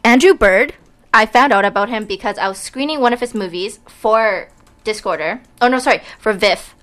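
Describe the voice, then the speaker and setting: A woman's voice: a little high, moderate pace, a bit bright. A young woman hosting a campus radio show in the studio, chatty and enthusiastic, casually urging listeners to call in.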